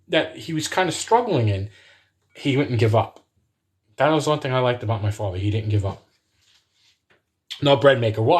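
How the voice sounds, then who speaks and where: A man chatting to viewers in a rambling way while he cooks live in his home kitchen. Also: medium pitch. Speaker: home cook hosting a live cooking stream. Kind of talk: casual live cooking demo with chat.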